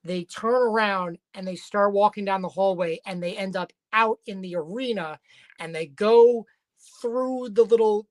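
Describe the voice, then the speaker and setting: A woman casually recapping a wrestling show, chatty and rambling with frequent fillers and restarts. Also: mid-range voice.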